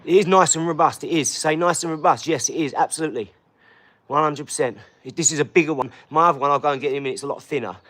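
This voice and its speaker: A man with an English accent runs a live stream, calling out viewers' hometowns one after another with bouncy energy. His voice sits high for a man. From England. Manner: energetic, shouting out places in quick bursts. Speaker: livestream host. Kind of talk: live-stream chat, reading out viewers' comments.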